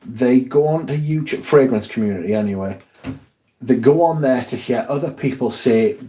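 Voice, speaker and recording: A man with a mellow, warm, relaxed voice hosts a casual livestream from home. He rambles, swears freely and reads viewer comments aloud between his own asides. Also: medium pitch, moderate pace. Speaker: fragrance livestream host.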